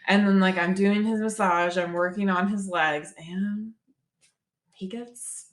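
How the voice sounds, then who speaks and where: A woman's voice: mid-range voice, fairly even intonation, takes it slowly. A young woman, a massage therapist co-hosting a podcast, telling stories casually, swearing and acting out quotes. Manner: storytelling, swears, acts out quotes. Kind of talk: casual chat. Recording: roomy echo.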